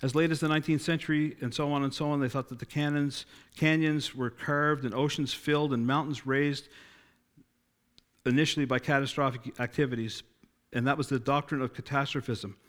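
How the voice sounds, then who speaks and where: A man's voice: mid-range voice, steady tone, fairly quick, fairly bright tone. Man preaching a sermon. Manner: storytelling, acting out quoted dialogue, emphatic.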